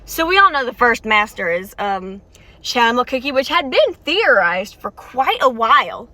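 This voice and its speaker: Excitable female video host, dry close sound, chatty and rambling, talking from her car. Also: fairly high pitch, moderate pace, dry recording. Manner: excitable, chatty, talks straight to viewers with frequent restarts. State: tired and warm. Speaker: video creator reacting to a game story. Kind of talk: rambling reaction commentary to viewers. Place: inside a parked car.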